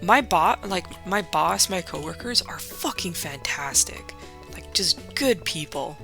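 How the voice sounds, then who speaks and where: A young woman chatting over her gameplay in a loose, rambling way, swearing and peppering her talk with fillers. Her voice is on the low side, with gravelly fry and a bright, forceful edge. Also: animated, measured pace, soft background music. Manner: rambling, profane, full of likes. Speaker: let's play host. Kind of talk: casual gaming commentary.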